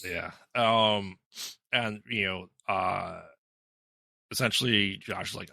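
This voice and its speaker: A man with a low voice and a bright, forward edge recaps a film plot in casual podcast chat. He rambles along with plenty of ums and half-started thoughts. The mic is close and the sound is dry. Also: slow pace, vocal fry, no room sound. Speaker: podcast co-host.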